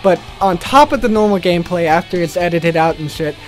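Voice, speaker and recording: A man's voice: high-pitched, brisk, faint music behind. A young man hosting a casual video, telling a rambling story and swearing freely. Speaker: gaming channel host.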